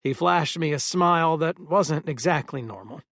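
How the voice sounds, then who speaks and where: Gravelly male audiobook narrator. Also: fairly high pitch, normal speed, no echo, clean studio sound. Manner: steady storytelling. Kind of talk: first-person audiobook narration.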